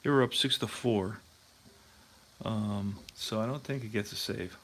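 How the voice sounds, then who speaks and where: A man's voice: fairly low pitch, unhurried, fairly bright tone. A man hosting a tabletop baseball replay, chatting casually and thinking aloud as he checks scorebooks. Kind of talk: casual talk while playing.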